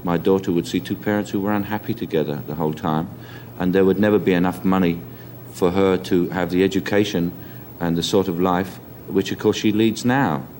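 A man with a Cockney accent, reflecting in an interview and pausing with many ums. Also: deep voice, steady tone, darkish tone, a little hiss or hum. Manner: hesitant, many ums and restarts. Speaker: interview guest.

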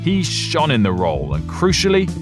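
A man giving scripted documentary narration in a measured, even storytelling delivery. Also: a little high. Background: music bed.

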